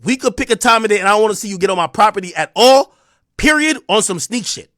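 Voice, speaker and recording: Brief: New Jersey man, livestream host, confrontational rant, high lively voice, dry close sound. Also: quick pace, dry recording. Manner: taunting, confrontational, swings between loud and low. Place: home streaming room.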